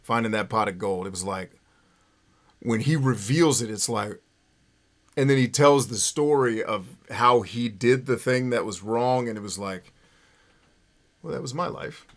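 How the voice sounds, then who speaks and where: A man's voice: fairly low pitch, measured pace. A man hosting a casual livestream, talking loosely, often checking in with "right?", and swearing when he gets worked up. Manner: former radio voice for phone numbers. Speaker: livestream host.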